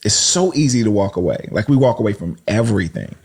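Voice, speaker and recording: A man's voice: on the low side, lively intonation, fast, creaky, a little mellow, slightly rough. A man interviewing friends on a podcast, asking questions in an encouraging, admiring way. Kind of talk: conversational interview.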